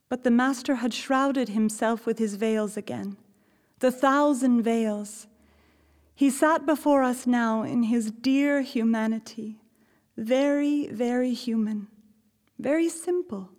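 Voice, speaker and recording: A woman reading a diary excerpt aloud as scripted podcast narration, slow, measured and reverent. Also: on the high side, darkish tone, big-room sound. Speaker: podcast reader.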